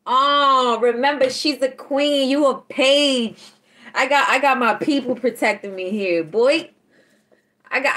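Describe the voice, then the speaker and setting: A woman, chatting casually on a tarot livestream, teasing and animated, laughing often as she reads out chat. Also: a little high.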